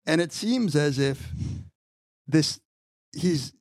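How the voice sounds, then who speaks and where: A man's voice: a little high, animated, slow pace, a little mellow, no room sound, studio quality. A man co-hosting a casual podcast discussion, a psychology lecturer who talks in a wry way with hesitant restarts. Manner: wry, laughs between phrases, hesitant restarts.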